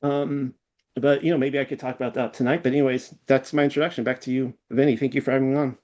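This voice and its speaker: A man's voice: medium pitch, level tone, fast talker, darkish tone, highs cut off. A man with a Californian accent, a guest in a casual online chat, rambling with fillers and restarts. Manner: rambling, self-deprecating, many fillers and restarts. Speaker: podcast guest.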